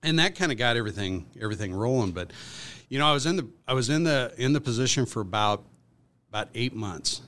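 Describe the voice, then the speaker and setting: A man as a podcast guest, telling a workplace story in a casual, animated way with lots of fillers. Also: medium pitch, fast talker. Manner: animated storyteller, acts out quotes, many fillers.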